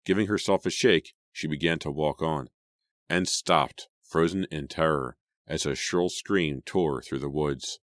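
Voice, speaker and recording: A man's voice: extremely low pitch, unhurried, no echo, clean studio sound. A man reading a horror audiobook in a dramatic, suspenseful storytelling style. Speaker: audiobook narrator. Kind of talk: scripted audiobook narration.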